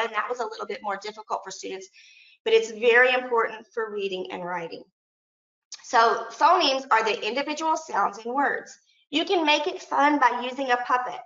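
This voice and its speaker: A woman's voice: on the high side, pushed and bright. A woman teacher presenting a training session, explaining step by step and sounding out words as she demonstrates. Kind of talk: instructional presentation. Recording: echoey, dull lo-fi room sound.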